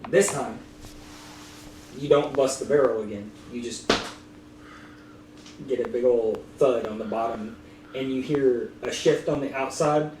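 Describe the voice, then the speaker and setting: A man narrating as dungeon master with a relaxed, hesitant delivery full of ums. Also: mid-range voice, measured pace, pauses often. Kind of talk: narrating a tabletop game. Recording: echoey room, distant mic, noisy.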